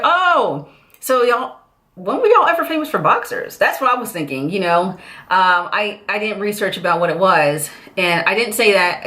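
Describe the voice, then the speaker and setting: A young woman from the United States, chatting casually to camera with lively, chatty talk that keeps slipping into quoted voices. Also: mid-range voice. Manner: chatty, animated, jumps into voices. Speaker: vlogger.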